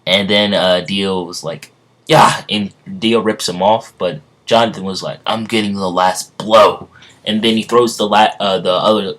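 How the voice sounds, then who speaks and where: A man retelling a fan story in a halting, rambling way, full of restarts. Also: low-pitched, fairly bright tone.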